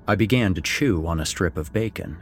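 A middle-aged man narrating a first-person story, expressive and wry, voicing the dialogue. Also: low voice, a little fast, slightly rough. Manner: expressive, swings between wry and somber. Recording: faint background music.

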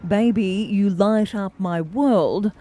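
A radio host voicing a stiff, slow newsreader while she reads song lyrics. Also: mid-range voice, warm tone. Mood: deadpan reading. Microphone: studio microphone.

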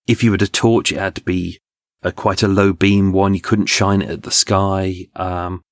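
A man with a fairly low voice tells stories as a podcast guest. He talks in an animated, chatty way, stumbling and restarting and laughing as he goes. The sound is dry and close, with no room around it. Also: moderate pace, no room sound. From England. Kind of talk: storytelling in conversation.

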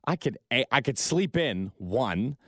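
A man's voice: medium pitch, sing-song, a little slow, no room sound, studio quality. A young man from Canada co-hosting a morning radio show, telling stories with lots of fillers and restarts. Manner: rambling storyteller with many fillers. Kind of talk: casual radio banter. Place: radio studio. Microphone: studio microphone.

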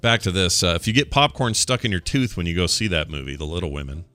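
Laid-back man with a low voice. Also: lively intonation, fast talker, pushed and bright, dry recording, soft background music. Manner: laid-back, reads stories aloud with stumbles. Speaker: podcast co-host. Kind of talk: casual chat, reading news stories.

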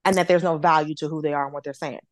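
A woman from Atlanta, a comedian guest, telling a story in casual chat, animated and profane, acting out other people's voices. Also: sits low, racing, no echo. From Atlanta, United States.

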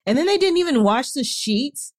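A woman co-hosting a podcast who chats casually and drops wry, quick asides. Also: high voice, animated, no echo, clean studio sound. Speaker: podcast co-host.

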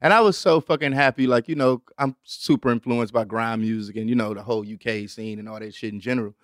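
A young adult man hosting a show, telling a rambling, profane story in an animated way and acting out other people with big jumps in pitch. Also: fast, no room sound, studio quality. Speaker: host. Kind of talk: storytelling monologue.

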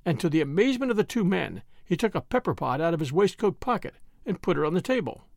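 A man narrating a story as an audiobook in a measured manner. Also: fairly high pitch, big pitch swings, gravelly, dry recording, clean studio sound. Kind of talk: audiobook reading.

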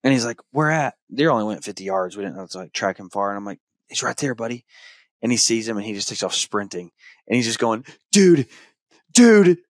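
A man, hosting a podcast and telling a story in a casual way, acting out his young son's excited shouts. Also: fairly low pitch, fast, no echo. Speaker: podcast host.

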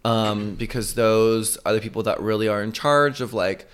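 A man's voice: fairly low pitch, steady tone, normal speed, smooth. A man co-hosting a casual vlog chat, telling travel stories and swearing freely. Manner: chatty storyteller who swears freely. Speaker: co-host.

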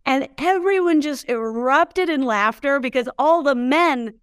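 Speaking a little slowly in a high, animated voice, a woman who founded a whiskey brand tells stories as an interview guest. The conversation is casual; she's talkative, uses many fillers and laughs frequently. Studio-quality audio, no echo.

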